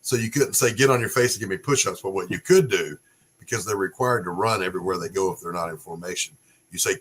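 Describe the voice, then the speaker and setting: A man hosting a casual livestream chat, gruff and profane, who is a former Marine drill instructor. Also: deep voice, quick pace, fairly bright tone. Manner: gruff, profane, shifts into a barking command voice.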